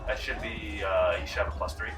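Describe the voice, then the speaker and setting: A man running a tabletop game as game master, telling the action with animated energy and shouting out the characters' lines. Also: lowish voice, a little fast, roomy sound, far from the mic, soft background music, low-quality recording. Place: large room, library program.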